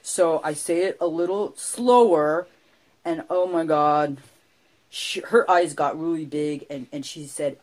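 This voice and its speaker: A woman co-hosting a podcast, telling a story casually in an animated, self-deprecating way with lots of fillers. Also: deep voice, unhurried. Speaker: podcast co-host, storyteller in character.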